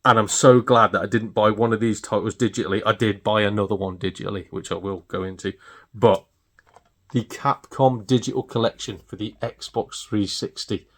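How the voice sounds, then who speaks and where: A British man vlogging about retro game pickups, gleeful and excitable and laughing often. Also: fairly low pitch, moderate pace. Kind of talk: casual chat showing off purchases.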